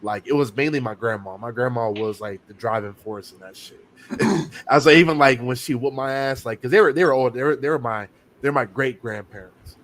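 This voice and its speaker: A man's voice: mid-range voice, a little fast, fairly bright tone. Thoughtful man in casual podcast chat. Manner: reflective, thoughtful, a bit hesitant.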